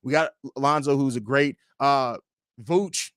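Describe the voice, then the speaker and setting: A young man hosts a casual fan livestream from his home studio, taking it slowly as he reads viewer comments and trash-talks with profanity. His delivery shifts between loud bursts and low mumbles, with a clean tone and no echo.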